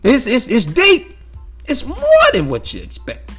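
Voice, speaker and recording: Animated, swearing man musing aloud. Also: extremely high pitch, unhurried, husky, faint music behind. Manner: animated, repetitive, peppered with "you know what I'm saying". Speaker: vlogger sharing life views. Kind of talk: casual profane monologue.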